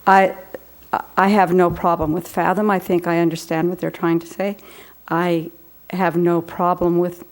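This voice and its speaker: Woman, board member, somewhat low voice, halting and unsure, frequent restarts. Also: fairly even intonation. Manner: hesitant, halting, many restarts. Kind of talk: comments at a public meeting.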